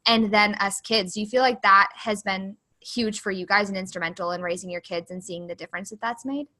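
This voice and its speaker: Bright, emphatic woman podcast host. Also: medium pitch, steady tone, a little fast, poor audio. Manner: emphatic, with repeated list-like phrasing. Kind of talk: casual conversational interview.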